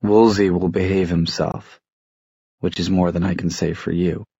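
A dry, weary male warlock, read by a man in a storybook, speaking with bitter restraint. The voice is low and the recording dry and close. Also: little pitch movement, moderate pace, creaky, dark tone, breathy edge, no echo, dull audio, heavily acted.

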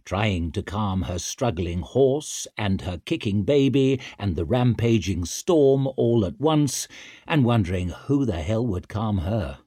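A man narrating an audiobook in an expressive, dramatic storytelling manner. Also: fairly low pitch, no echo, clean studio sound. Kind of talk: scripted narration.

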